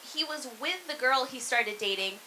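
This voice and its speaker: A woman's voice: high-pitched, expressive, normal speed, sharp tone, slight background noise, poor audio. A young woman from the American South doing a conversational stand-up set in a comedy club, poking fun at herself and checking in with the crowd. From Arkansas, US South. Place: comedy club room with live audience.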